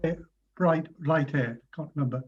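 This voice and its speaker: Guy student, fairly high voice, apologetic and unsure, muffled call audio. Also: moderate pace, crowd noise. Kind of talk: online language class. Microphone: video call.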